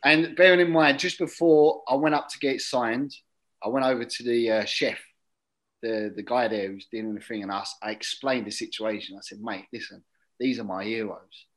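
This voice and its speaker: A man spins a rambling, chatty anecdote in a relaxed interview. His voice sits at an ordinary middle pitch, and he often lets it fall to a low mutter for asides. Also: fairly quick, low-quality recording. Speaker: guest, former footballer. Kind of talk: casual anecdote.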